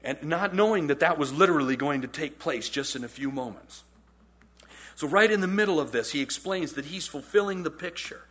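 Husky-voiced male pastor preaching. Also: on the high side, fairly quick. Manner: animated storytelling, acts out quotes in character; conversational, repeats phrases for emphasis. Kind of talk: sermon.

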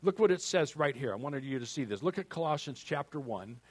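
A man's voice: medium pitch, expressive, a little fast, husky. Storytelling man preaching a sermon. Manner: conversational storytelling with playful asides; acts out dialogue voices while retelling. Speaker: pastor.

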